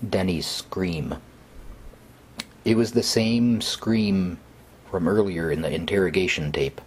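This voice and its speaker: A man narrating a first-person horror story in a hesitant, conversational way, with fillers and pauses. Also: low voice, a little mellow, breathy edge.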